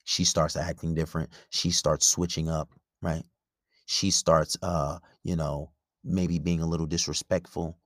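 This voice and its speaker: A man's voice: extremely low pitch, flat delivery, unhurried, a bit bright, no room sound, studio quality. A man hosting a podcast, giving relationship advice in a blunt, profane, rambling casual monologue.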